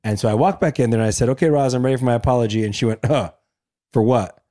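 A middle-aged man co-hosting a podcast, chatting casually at a normal pitch. He tells stories animatedly and teases his co-host. His voice sits in the middle of the male range. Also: very fast, no echo, clean studio sound. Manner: teasing, animated storytelling. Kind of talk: casual chat.

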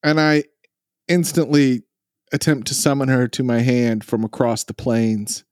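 A man playing a tabletop game, cracking jokes and quick asides. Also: medium pitch, fairly even intonation, dry recording, clean studio sound. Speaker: player. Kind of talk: casual tabletop game chat.

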